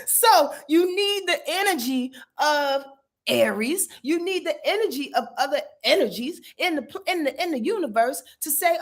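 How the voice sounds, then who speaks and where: A woman hosting an astrology channel, talking casually and animatedly to viewers in slangy speech, often acting out the signs in quick voices and swearing freely. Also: sits high, expressive.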